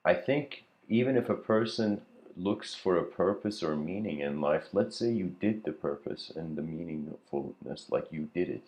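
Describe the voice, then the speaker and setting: A man giving a reflective, casual spoken lecture, musing aloud with loose asides and frequent throat clearing. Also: sits low, lively intonation, moderate pace, a little mellow.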